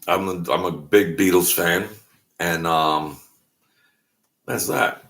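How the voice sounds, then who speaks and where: This YouTube host has a low, creaky, slightly bright voice and talks slowly. His casual vlog monologue is loose and rambling, sprinkled with jokes and self-deprecating remarks.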